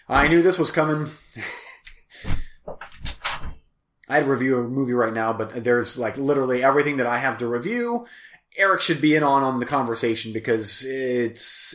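A man's voice: mid-range voice, fairly bright tone. A man co-hosting a casual movie review podcast, laid-back, agreeable and wry. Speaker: podcast co-host and film reviewer. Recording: echoey room sound.

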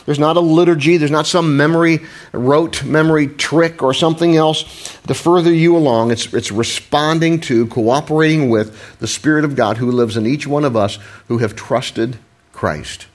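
A man's voice: fairly high pitch, normal speed. Middle-aged guy pastor giving a sermon, chatty and joking at himself, trips over his words a lot. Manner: conversational, self-deprecating, frequent restarts.

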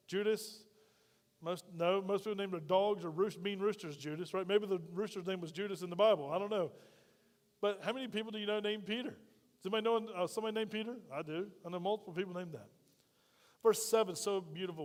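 A man preaching a sermon to his church, talking conversationally and asking his listeners questions. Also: sits high. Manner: conversational preaching with rhetorical questions and call-and-response. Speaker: pastor. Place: church sanctuary. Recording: long hall reverb.

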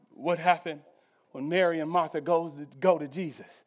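High-voiced preaching pastor, man. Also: normal speed. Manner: rhythmic preaching, rising to shouts then dropping to a hushed prayer. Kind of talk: sermon and closing prayer.

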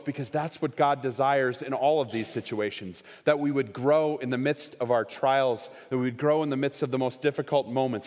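Man preaching in a reverberant hall. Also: mid-range voice. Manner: dramatic, shifts between loud quoted lines and hushed, slow emphasis. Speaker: pastor. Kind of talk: sermon.

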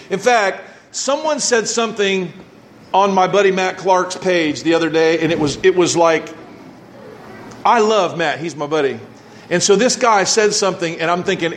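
Animated high-voiced male preacher. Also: a little hiss or hum. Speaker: pastor. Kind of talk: sermon.

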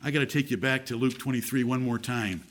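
A man's voice: mid-range voice, quick pace. A man preaching a sermon as pastor, reading scripture aloud with strong emphasis.

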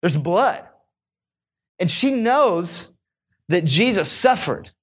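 A young male pastor preaching a sermon in a conversational, animated storytelling way. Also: high voice, takes it slowly, breathy edge, highs cut off.

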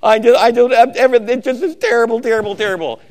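A man's voice: extremely high pitch, quick pace, a little mellow, pitched above the performer's own voice. A man voicing a scared, whining young male door-to-door salesman who whimpers and stammers in self-pity. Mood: whiny.

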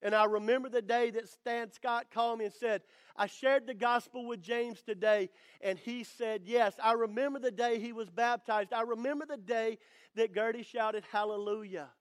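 A male pastor with a strikingly high voice preaches to his congregation. He builds to emphatic declarations and leans on dramatic pauses. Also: steady tone, smooth. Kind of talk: sermon.

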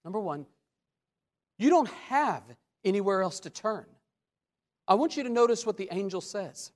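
A man preaching a sermon as a pastor, with dramatic swings between loud questions and hushed asides. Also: high voice, animated, moderate pace. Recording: long hall reverb.

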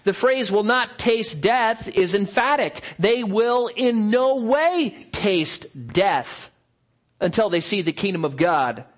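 A pastor preaching a sermon at a church service, explaining earnestly and asking rhetorical questions. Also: male voice, high voice, expressive, takes it slowly.

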